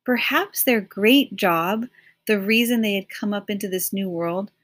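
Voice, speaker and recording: A woman narrating an audiobook chapter in a measured, expressive storytelling manner. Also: mid-range voice. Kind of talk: audiobook reading of a novel.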